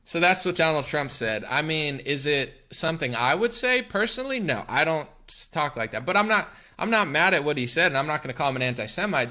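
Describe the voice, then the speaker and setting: A man's voice: fairly high pitch, bright, forceful tone. A man hosting a political commentary podcast, talking in a combative, emphatic rant. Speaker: podcast host.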